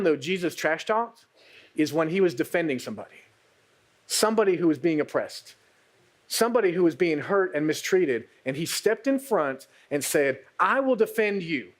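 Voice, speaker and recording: A male pastor delivering a sermon in a high, very lively voice that climbs and falls through an animated retelling. He speaks straight to the women in the room. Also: normal speed. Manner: animated storytelling, addresses the women directly.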